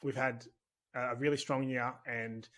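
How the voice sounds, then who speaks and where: A man's voice: mid-range voice, steady tone, moderate pace, a bit bright. Chatty Australian man, podcast guest. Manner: chatty and candid, rambling with restarts. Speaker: podcast guest, business owner. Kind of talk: casual conversational interview.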